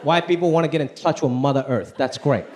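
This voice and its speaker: A man doing stand-up, animated and laughing through his lines, with loud impressions. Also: on the high side, fast talker, a little hiss or hum. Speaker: stand-up comedian. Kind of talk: stand-up set.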